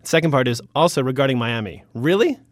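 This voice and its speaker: A man's voice: mid-range voice, animated, a little fast, dry recording. A man hosting a radio show, reading friendly scripted introductions and laughing easily with guests. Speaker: host.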